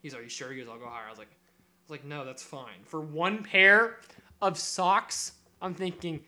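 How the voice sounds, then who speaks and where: A young man on a podcast, telling a story in casual chat, animated and swearing often while he acts out what others said. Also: medium pitch, fast talker. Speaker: podcast co-host.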